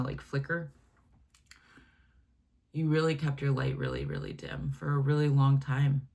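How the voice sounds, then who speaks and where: Here a very deep-voiced woman reads a channeled spiritual message, tender and warm, addressing the listener as "baby" and "my love." Her talk wanders, full of filler words, false starts and corrections of herself.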